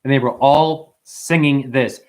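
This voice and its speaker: A live streamer rants unscripted to his chat at a measured pace, rambling and swearing heavily. Excitable, he swings between loud shouting and low muttering.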